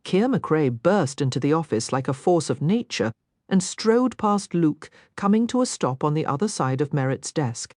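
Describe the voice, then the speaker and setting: A woman narrating a historical romance audiobook in an expressive storytelling manner. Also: deep voice, moderate pace, dry recording, clean studio sound.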